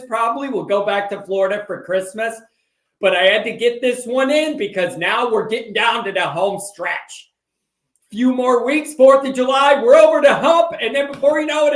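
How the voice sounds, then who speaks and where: A man hosting a call-in sports show, talking in a loud, excitable, rambling way. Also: high-pitched, roomy sound. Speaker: host.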